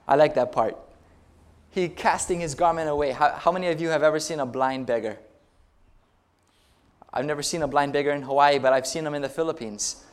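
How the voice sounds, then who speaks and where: A man's voice: on the high side, brisk, long pauses. A male pastor preaching a sermon, retelling stories in a conversational way and putting rhetorical questions to the congregation.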